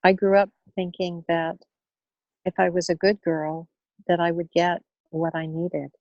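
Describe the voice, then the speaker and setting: A woman speaker on money wellness, telling a story in an earnest, gentle way and often repeating words as she goes. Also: lowish voice, level tone, a little slow, no room sound, muffled recording. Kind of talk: storytelling in a talk.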